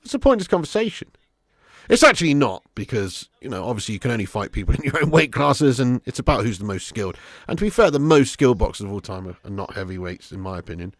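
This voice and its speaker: Casting note: man, live football streamer, lively pitch, dry close sound. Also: quick pace, no room sound. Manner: chatty, banters with viewers, swears casually. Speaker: football watch-along streamer. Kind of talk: live stream commentary and chat.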